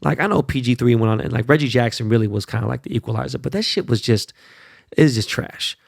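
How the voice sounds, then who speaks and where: A man's voice: medium pitch, quick pace, vocal fry, no echo, clean studio sound. A man hosting his own podcast, talking bluntly and profanely in a fired-up casual monologue, often tagging lines with "right?" and "okay?". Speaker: podcast host.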